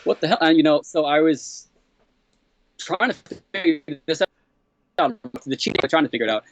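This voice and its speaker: A man being interviewed as a comedy writer, telling a story in a loose, chatty way. He acts out the quoted exchanges in a higher voice and laughs often. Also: no echo. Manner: laughs often, repeats "what the hell". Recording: dull, slightly lo-fi sound.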